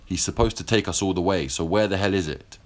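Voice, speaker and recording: A man's voice: low-pitched, fast talker, pitched above the performer's own voice, close to an everyday voice. A man voicing a cruel, brash French naval commodore who barks and sneers. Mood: angry. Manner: barking, spitting, sneering.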